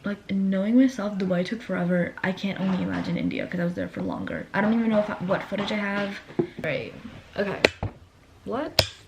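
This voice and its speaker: A young woman talks through her day in a loose, chatty vlog, still carrying a morning voice. Her speech at a middle pitch is full of "like" and "literally." The home recording has clear background noise. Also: lively intonation, a little fast. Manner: chatty, filler-heavy with frequent "like" and "literally". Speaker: lifestyle vlogger. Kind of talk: casual vlog chat to camera. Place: at home, bedroom.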